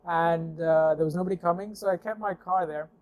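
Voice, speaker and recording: A man's voice: on the high side, fairly quick. A man casually telling a story, acting out the dialogue with lots of "I'm like" and fillers. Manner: animated storyteller who acts out dialogue; conversational, with frequent fillers and "I'm like". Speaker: guest telling car stories. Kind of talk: casual spoken anecdote.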